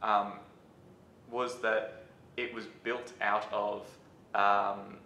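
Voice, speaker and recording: Lower-voiced man critiquing a film. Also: level tone, extremely slow, gravelly, pushed and bright. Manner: analytical, critical. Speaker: film reviewer. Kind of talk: casual film review chat. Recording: roomy room with faint rumble.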